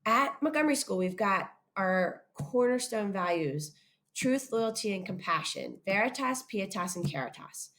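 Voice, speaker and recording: A woman giving a chapel talk to young schoolchildren, expressive and lively, putting questions straight to the kids. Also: mid-range voice, normal speed.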